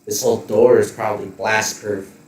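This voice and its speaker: A man's voice: on the low side, fairly even intonation, normal speed, echoey room, far from the mic, rough recording. A man narrating as game master of a tabletop role-playing game, describing scenes in detail and adding joking asides.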